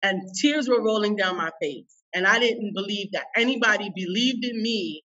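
Bright-voiced woman telling a story emphatically. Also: medium pitch, moderate pace, distant mic, lo-fi sound. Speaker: coach, guest. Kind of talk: personal storytelling in an interview.

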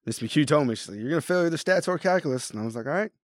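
A man's voice: fairly high pitch, animated, very fast, no echo, studio quality. A man guest on a podcast, rattling off profane anecdotes in casual chat.

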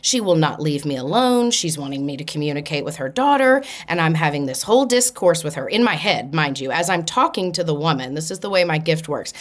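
A woman hosting a spiritual podcast, telling a personal story in an earnest, animated way and acting out the dialogue. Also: sits low, brisk, few pauses. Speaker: podcast host.

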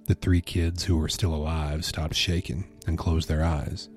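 Deep-voiced male narrator, tense horror reading over soft music. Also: little pitch movement, unhurried. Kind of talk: first-person horror story narration.

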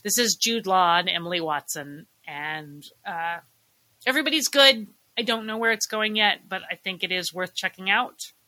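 A woman co-hosting a podcast in casual chat, enthusiastic and quick to laugh. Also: medium pitch, sharp tone. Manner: chatty, enthusiastic, laughs often. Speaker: podcast co-host.

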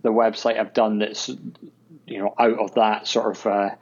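Husky Scottish man, lo-fi sound. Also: lowish voice, little pitch movement, moderate pace, darkish tone. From Scotland. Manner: hesitant, full of fillers. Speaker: co-host reading listener questions. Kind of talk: casual chat. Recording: dull lo-fi sound.

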